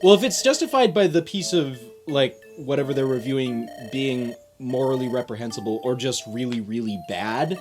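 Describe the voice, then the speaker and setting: Man, casual game commentary, rambling, hesitant, mid pitch, game music underneath. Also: animated, moderate pace, hardly any pauses, a little mellow. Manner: rambling, hesitant, frequent restarts and laughs. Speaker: guest co-commentator. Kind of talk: casual let's play commentary. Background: video game music.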